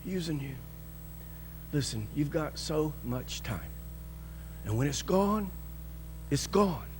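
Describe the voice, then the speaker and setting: A man with a notably high voice preaches with emphatic swings, from loud, high bursts down to soft, low lines. He acts out the voices he quotes and chuckles often. A faint hum sits under the recording. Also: big pitch swings, takes it slowly. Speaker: pastor. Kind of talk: sermon.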